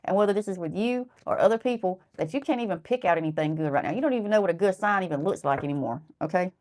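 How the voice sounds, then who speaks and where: A woman giving a casual tarot reading who talks bluntly, thinks aloud and repeats herself. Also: mid-range voice. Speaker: tarot reader.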